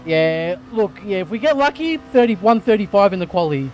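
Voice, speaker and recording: An Australian man chatting on a live stream while sim racing, thinking out loud and getting excited. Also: sits high, normal speed. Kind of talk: live-stream gaming chat. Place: home sim racing rig.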